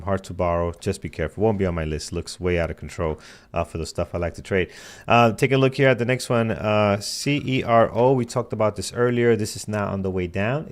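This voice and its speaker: A man hosting a live trading show, giving casual market commentary, reading out tickers and repeating warnings to be careful. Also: sits low. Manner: casual, reads tickers aloud, repeated cautions.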